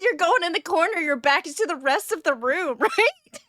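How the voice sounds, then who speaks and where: A woman's voice: very high voice, lively intonation, normal speed, sharp tone, no room sound. A woman streamer reacting to a video, laughing hard and swearing casually. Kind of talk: live reaction commentary.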